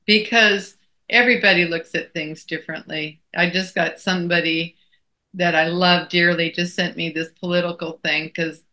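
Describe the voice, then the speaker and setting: Bright-voiced folksy woman chatting. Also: fairly low pitch. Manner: folksy storytelling. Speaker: co-host. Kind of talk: casual chat.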